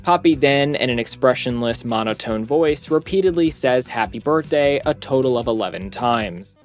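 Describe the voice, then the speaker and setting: A man with a mid-range voice reads a scripted video essay in a steady narrating manner. He drops in casual, wry remarks now and then, and faint music sits under his words. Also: medium pitch, normal speed. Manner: recounting with casual, wry asides.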